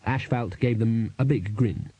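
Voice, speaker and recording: A man narrating a fantasy novel in a wry, even storytelling manner. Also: medium pitch, unhurried, breathy edge, no echo, muffled recording. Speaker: audiobook narrator. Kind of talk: scripted narration.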